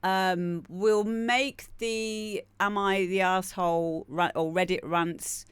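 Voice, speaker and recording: In a casual live-stream chat, this young woman streamer and music producer talks to viewers with a low, clean voice and no room sound. Her delivery is rambling and self-deprecating, with lots of restarted sentences.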